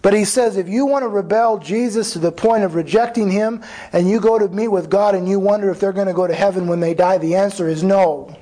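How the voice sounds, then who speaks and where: A man's voice: sits high, fairly quick, dark tone, rough recording. A man, a pastor, preaching a sermon in an earnest, conversational way, often restarting phrases and acting out quoted dialogue.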